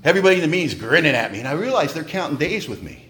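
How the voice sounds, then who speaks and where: A man's voice: on the high side, very animated, very fast, fairly bright tone. A man giving a humorous, emphatic personal testimony at a recovery meeting, in a conversational storytelling manner.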